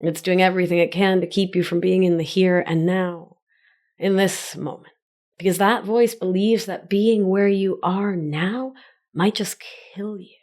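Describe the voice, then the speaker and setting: Woman, podcast host, gentle sing-song delivery, slightly low voice, unhurried. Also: steady tone. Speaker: podcast host and life coach. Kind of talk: solo wellness podcast teaching.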